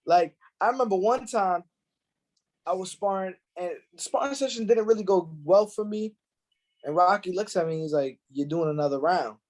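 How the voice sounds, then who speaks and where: A middle-aged man hosting a podcast, telling stories in an animated, profane way and acting out the quotes. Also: high-pitched, moderate pace. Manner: animated, profane storyteller who acts out quotes. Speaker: podcast host. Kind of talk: casual podcast chat.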